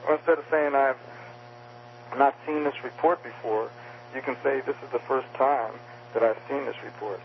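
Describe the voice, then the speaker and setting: A man's voice: medium pitch, steady tone, moderate pace, a little hiss or hum. Hesitant man on a dull radio line. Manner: hesitant, many restarts and fillers. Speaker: author and guest. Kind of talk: interview explaining communication skills.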